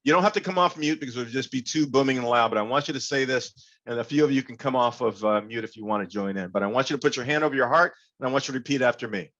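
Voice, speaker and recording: Male workshop speaker on a video call, animated and engaging, medium voice, slightly muffled audio. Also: mid-range voice, very fast, hardly any pauses. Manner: animated, engaging, leads audience call-and-response. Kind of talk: interactive online workshop talk.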